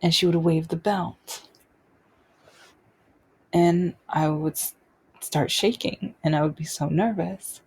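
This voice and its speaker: A woman hosting her own show, talking openly and unscripted about personal experiences, halting and restarting as she goes. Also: on the low side, fairly even intonation, a little mellow, husky. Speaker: podcast host sharing personal stories.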